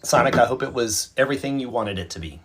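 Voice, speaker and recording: A man's voice: medium pitch, lively intonation, fast, husky. A man from North Carolina, hosting a casual livestream and answering viewer comments in a chatty, self-mocking way. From North Carolina, USA. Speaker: livestream host. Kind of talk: casual live chat, reading out viewer comments.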